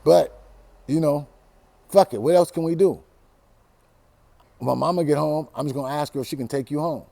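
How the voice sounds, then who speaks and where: A man's voice: fairly high pitch, moderate pace, creaky, dark tone. A man voicing a worried but resigned teenage girl.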